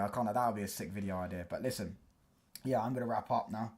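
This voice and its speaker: A young man talks quickly in a slightly mellow voice on the low side while hosting a football stream. He keeps things loose, slangy, and rambling, full of fillers.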